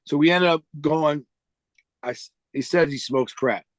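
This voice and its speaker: A man guest telling his story in casual street slang, animated and full of quoted dialogue. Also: a little high, measured pace, dry recording. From United States. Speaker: interview guest.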